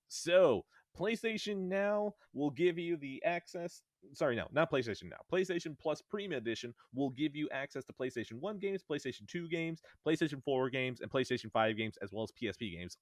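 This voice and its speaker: A man's voice: mid-range voice, dry recording. Profane ranting man, dry close mic. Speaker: podcast co-host. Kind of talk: casual chat. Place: at home in a bedroom.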